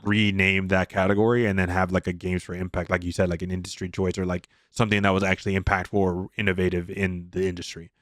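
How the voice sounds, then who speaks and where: A man's voice: deep voice, level tone, fast talker, few pauses, fairly bright tone, dry recording, studio quality. A man co-hosting a podcast, giving his opinions in casual chat with lots of fillers. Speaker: podcast co-host.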